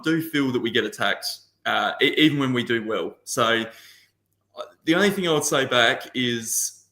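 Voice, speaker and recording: A man's voice: mid-range voice, sharp tone, reverberant. A man on a video-call podcast panel, talking passionately about football, often restarting and correcting his sentences. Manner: passionate, rambling with frequent restarts. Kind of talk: casual football chat.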